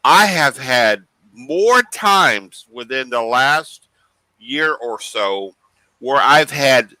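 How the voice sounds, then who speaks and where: A man guesting on a podcast, telling animated stories in casual chat and acting out the voices he quotes. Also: medium pitch, very slow, no room sound, low-quality recording. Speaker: guest paranormal investigator.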